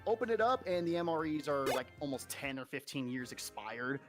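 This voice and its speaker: A man's voice: medium pitch, lively intonation, fairly quick, fairly bright tone. Heated young man venting over music. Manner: heated, sarcastic, swears often. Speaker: streamer and army soldier. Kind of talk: casual chat, telling a story while gaming.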